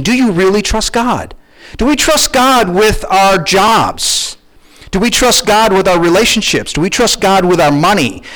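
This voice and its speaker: A middle-aged male pastor delivers a conversational sermon with a fairly high voice. His pitch rises and falls a lot as he talks. He keeps putting questions to his listeners. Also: poor audio. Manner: animated, conversational preaching with questions to the congregation.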